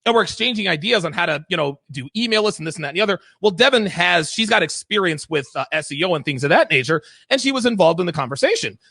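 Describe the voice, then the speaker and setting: Animated high-pitched man, gravelly and bright. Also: quick pace, few pauses, no echo. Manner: blunt, emphatic, profane storytelling. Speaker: podcast host. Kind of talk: casual chat.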